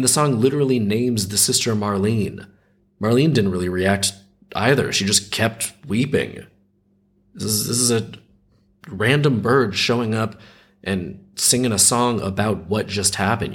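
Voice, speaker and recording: Wry storytelling man, lively voice. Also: on the low side. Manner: wry, incredulous asides. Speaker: podcast host and storyteller. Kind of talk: dark fairy tale reading with commentary.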